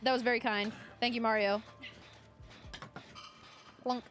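Casting note: young woman streamer, high bright voice, giggly and chatty, faint music behind. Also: level tone, measured pace. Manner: chatty, giggly, reads and greets chat. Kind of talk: casual live-stream chat while gaming.

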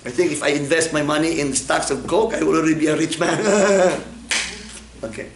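Male lecturer, slightly high voice, teasing and quizzing the class, echoey room with faint noise. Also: moderate pace. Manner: humorous, asks the class questions and answers them. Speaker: medical lecturer. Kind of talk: classroom lecture with personal anecdotes.

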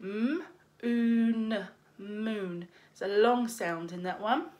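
A woman teacher leading a phonics lesson for young children, slowly sounding out letters and praising them. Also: medium pitch, fairly even intonation, darkish tone. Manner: slow, encouraging, sounds out letters.

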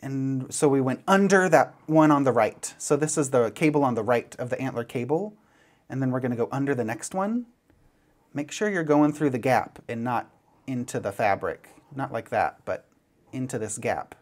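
Man, knitting instructor, mid-pitched, casual and playful, talks through each step while working. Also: lively intonation, moderate pace. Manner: chatty, playful, demonstrating as he goes. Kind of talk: step-by-step craft tutorial.

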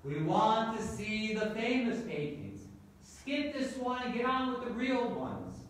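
A man voicing an impatient, angry male art buyer shouting at an auction, in an echoey church from far off. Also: high-pitched, big pitch swings, a little slow, voice pushed up.

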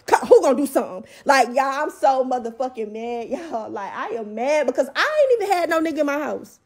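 A woman's voice: high voice, lively intonation, a little mellow. A young woman telling a story in a heated, profane, casual rant. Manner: heated, profane, fast-rising outrage. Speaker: storyteller in a viral clip.

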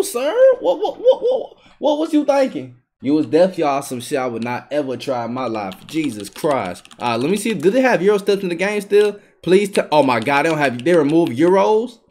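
A young man, giving live trash-talking commentary over his gameplay. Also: on the high side. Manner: trash-talking, excitable, repeats himself. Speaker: gaming streamer.

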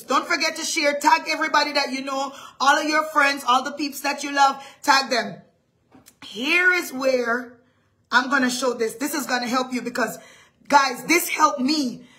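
A woman pastor delivers a livestreamed sermon in a high, ringing voice. She is loud and often shouting, pressing each point with emphatic call-outs. Her tone is bright and forceful, and her throat sounds strained from the yelling.

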